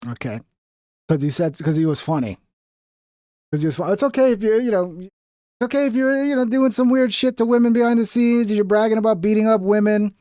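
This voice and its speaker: Male streamer, higher voice, dry close sound, blunt swearing commentary, casual. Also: brisk, dark tone, no room sound. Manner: blunt, profane, trailing off with bro and dude. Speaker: streamer reacting to clips.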